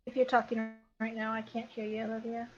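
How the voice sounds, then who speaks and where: A woman player in a tabletop game, speaking quickly and directly. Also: a little high, level tone, dull audio.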